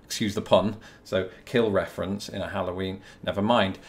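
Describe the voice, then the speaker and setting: Deep-voiced and steady, a young British man speaks at a normal speed as he hosts a casual to-camera video Q&A. He rambles chattily through viewer questions with dry, self-mocking humour.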